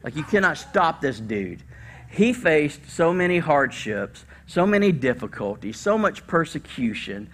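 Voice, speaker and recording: A male pastor giving a conversational, animated sermon in church, with casual slang and sudden bursts of emphasis. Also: a little high, a little slow, slight background noise.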